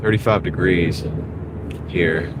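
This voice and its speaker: A man's voice: low-pitched, steady tone, takes it slowly. Chatty man livestreaming from his car. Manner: upbeat, thanks viewers by name. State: voice tired and wearing out. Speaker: livestream host. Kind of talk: casual live-stream chat while driving. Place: in a moving car. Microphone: wireless mini clip-on mic. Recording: car ride with clear road noise. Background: road and car noise.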